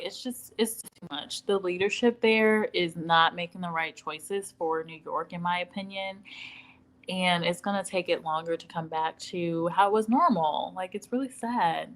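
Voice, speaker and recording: Streaming from her Dallas home, a woman from the Midwestern U.S. chats casually, reading out viewer comments and laughing as she performs quoted lines. Her pitch is fairly low and her pace a little slow, and the audio is poor.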